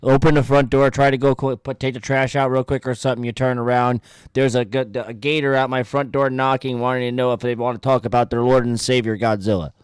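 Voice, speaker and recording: A man's voice: mid-range voice, level tone, fast, clean tone, no echo. A man from New Jersey hosting a podcast, joking and teasing in casual chat and swearing freely. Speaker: podcast host.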